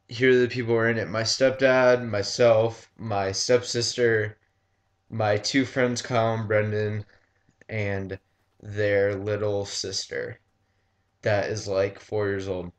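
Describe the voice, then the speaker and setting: A man casually telling a rambling story over gameplay, halting often with ums and likes and swearing freely. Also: fairly low pitch. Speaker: gaming commentator.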